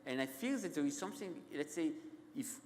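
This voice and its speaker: A man with an Israeli accent, a guest author telling stories on stage in a halting, self-interrupting way. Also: on the high side, expressive, a little mellow. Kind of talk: onstage conversation, anecdotal storytelling. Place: large event hall. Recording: echoey hall.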